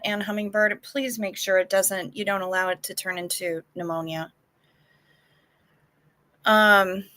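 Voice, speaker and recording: A woman's voice: medium pitch, pushed and bright. A woman hosting a casual live stream, chatting frankly with viewers and swearing now and then, sounding anxious.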